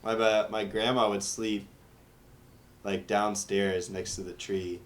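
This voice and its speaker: A man's voice: fairly low pitch, flat delivery, slow. A young man co-hosting a casual podcast chat, laid-back and easygoing. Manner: laid-back, short agreeing replies. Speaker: podcast co-host.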